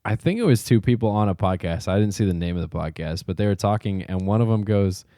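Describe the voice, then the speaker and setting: A man's voice: lowish voice, lively intonation, fast talker, warm tone, no room sound, studio quality. A man co-hosting a podcast, telling rambling stories with casual swearing and frequent laughs. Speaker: podcast co-host. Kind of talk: casual chat.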